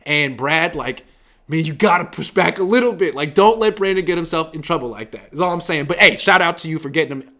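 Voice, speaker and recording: A man in his thirties hosting a casual sports talk show, animated and acting out quotes in swinging voices. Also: a little high, brisk.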